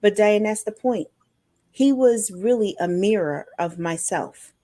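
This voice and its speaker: A woman's voice: medium pitch, a little slow, mellow, no echo. Earnest woman telling her story in a dry recording. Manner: earnest, acts out remembered dialogue. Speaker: guest, motivational speaker. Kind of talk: personal storytelling in a podcast interview.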